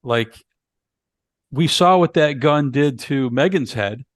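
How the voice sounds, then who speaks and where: A man's voice: medium pitch, takes it slowly, no echo, studio quality. A man co-hosting a podcast, casually retelling a movie plot step by step with many fillers and restarts. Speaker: podcast co-host. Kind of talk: casual movie review chat.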